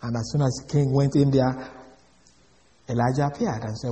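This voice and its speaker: Preaching with emphasis and often questioning his audience, this man has a mellow, medium-pitched voice with fairly even intonation, normal speed, and long pauses. It was recorded in an echoey hall.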